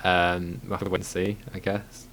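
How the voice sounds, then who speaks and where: A man's voice: sits low, flat delivery, normal speed, fairly bright tone. A man co-hosting a casual gaming podcast who thinks aloud, hedging with frequent ums. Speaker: podcast co-host.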